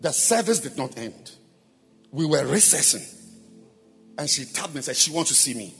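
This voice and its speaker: A man preaching a sermon as a pastor, moving from quiet asides to shouted, sung-out exhortation. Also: fairly high pitch, big pitch swings, normal speed, vocal fry. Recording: hall reverb with faint music.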